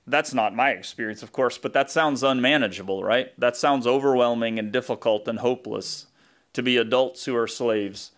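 A man's voice: medium pitch, normal speed, a bit bright. A man with a Southern US accent, a pastor preaching a conversational sermon, thinking aloud with asides and self-corrections.

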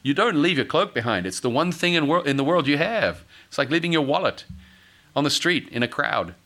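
A middle-aged male pastor preaching a sermon, acting out quoted voices and building to loud, forceful peaks. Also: a little high, expressive, a little fast. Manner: dramatic, acts out quoted voices, rises to shouting peaks.

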